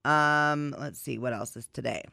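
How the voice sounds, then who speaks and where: A man's voice: medium pitch, a little slow, creaky, pushed and bright, slight background noise. A man hosting a morning radio show, reading out trivia and news items in casual banter.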